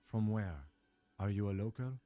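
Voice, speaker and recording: Man doing a dark-voiced, reserved police lieutenant. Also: fairly low pitch, soft background music, natural voice. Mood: probing. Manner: measured, dry questioning.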